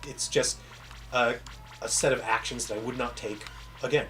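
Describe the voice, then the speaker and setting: A game developer with a faint Southern American accent chats casually with livestream viewers, rambling, trailing off and restarting mid-sentence. His voice is medium-pitched and a bit bright, with fairly even intonation at a normal speed. Soft music plays in the background.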